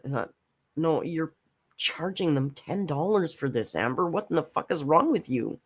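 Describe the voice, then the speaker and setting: A woman's voice: deep voice, animated, normal speed, breathy edge. A woman hosting a reaction channel, giving blunt, sarcastic casual commentary and swearing freely.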